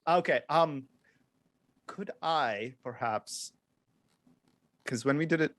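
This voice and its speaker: A man taking part as a player in a tabletop game, speaking in a halting, unsure way. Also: a little high, fairly bright tone, dry recording.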